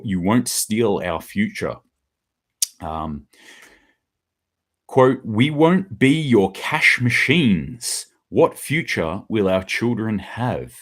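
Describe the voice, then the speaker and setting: A middle-aged man hosting a solo news commentary, blunt and sarcastic, acting out quotes in mock voices. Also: low voice.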